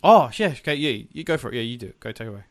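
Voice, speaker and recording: A man's voice: medium pitch, sing-song, racing, no room sound. A man co-hosting a casual chat, rambling and searching for words with lots of fillers. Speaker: podcast co-host.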